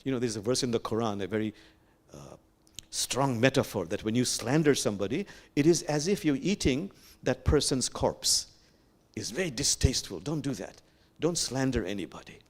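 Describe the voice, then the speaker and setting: Male imam, reflective sermon, slows down for sacred quotes, pitch rises and falls a lot, sanctuary service. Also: lively intonation. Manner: reflective, quotes sacred verses slowly and with emphasis; gentle, addresses the congregation directly.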